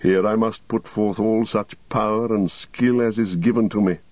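A man's voice: lowish voice, steady tone, dry recording, close to an everyday voice. A man as a grave, weary king. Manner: solemn, measured. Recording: dull lo-fi recording.

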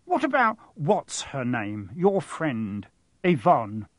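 A man reading aloud, voicing a blustering, heavyset uncle who talks in a gruff, menacing way. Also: on the high side, wildly swooping pitch, slow, dry recording, full character voice.

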